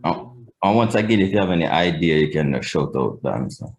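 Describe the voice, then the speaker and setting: A man's voice: low voice, animated, a little fast, darkish tone. A man with a Jamaican accent teaching a live language class in a conversational way, often repeating words as he starts a sentence.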